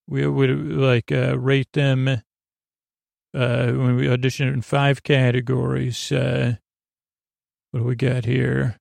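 Flat, gravelly-voiced male bedtime host. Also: mid-range voice, slow, no echo, studio quality. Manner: rambling, loose retelling with many fillers. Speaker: podcast host. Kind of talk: lulling bedtime recap of a TV episode.

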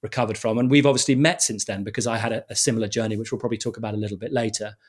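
A middle-aged man, a television sports presenter, telling stories in a relaxed interview with self-deprecating laughs. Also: lowish voice, very fast, slightly rough. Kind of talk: conversational interview storytelling.

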